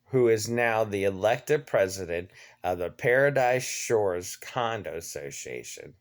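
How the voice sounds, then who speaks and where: A man's voice: fairly low pitch, animated, measured pace. A man in his fifties ranting, telling an angry personal story in a profane, indignant voice and playing out both sides of the argument. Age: 50s. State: limping, needs knee replaced. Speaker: vlogger.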